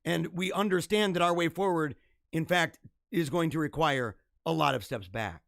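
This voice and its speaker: Energetic slightly hoarse male host, higher-pitched. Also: moderate pace, no echo, studio quality. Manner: energetic, rambling and chatty. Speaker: podcast host. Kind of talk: casual livestream sign-off.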